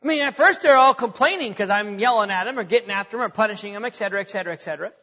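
A man's voice: high voice, racing, bright, forceful tone. A middle-aged man preaching a sermon with emphatic, dramatic swings in volume and pace, recorded with dull lo-fi sound and a long hall reverb.

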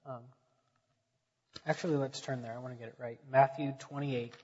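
A man delivers a sermon in a slightly husky voice, building to loud emphatic peaks before falling back to a hush. The sound is dull and muffled, carried on the long reverb of a large church hall. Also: mid-range voice, fairly even intonation, moderate pace. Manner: preaching with swells in volume, then dropping quiet. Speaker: preacher. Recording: dull echoey sanctuary recording.

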